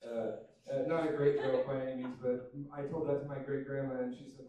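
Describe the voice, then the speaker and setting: A young man doing a stand-up comedy set, self-deprecating and deadpan, with loose fillers and swearing. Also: medium pitch, brisk, muffled recording, noisy background. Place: comedy club stage with audience laughter. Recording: very echoey room, from some distance. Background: audience laughter.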